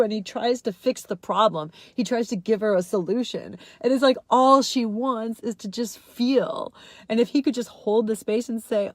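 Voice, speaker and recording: A woman's voice: moderate pace, no room sound. A young woman telling a personal story in a casual vlog, laughing often and filling her talk with "like". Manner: giggly, says "like" constantly, swings high when excited. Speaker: vlogger.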